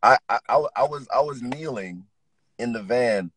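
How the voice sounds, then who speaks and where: A middle-aged man, a guest on a talk show, telling a story in an animated, profane way with lots of quick restarts. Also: mid-range voice, background noise. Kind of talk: casual storytelling chat.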